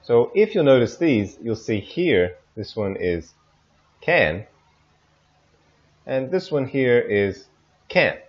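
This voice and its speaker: A man teaching pronunciation, slowly modeling example phrases into a desk microphone. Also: mid-range voice, sing-song, dull audio. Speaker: English teacher. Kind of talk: pronunciation lesson. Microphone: desk microphone recorded in audio software.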